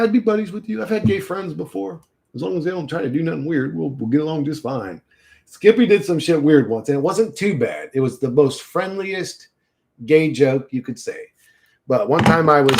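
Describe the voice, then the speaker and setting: A man's voice: a little high, vocal fry. A man talking on his livestream in a casual, emotional way, swearing and laughing as he goes. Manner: animated, emotional, profane; laughs often mid-sentence.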